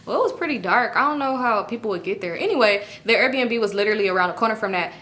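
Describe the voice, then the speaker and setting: A young woman vlogger telling a casual storytime to her viewers, animated and profane, with laughing asides. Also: medium pitch, quick pace.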